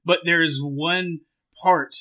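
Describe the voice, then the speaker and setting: A man co-hosting a casual podcast, rambling with deadpan jokes. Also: a little high, very slow. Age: adult with a young daughter. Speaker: podcast co-host.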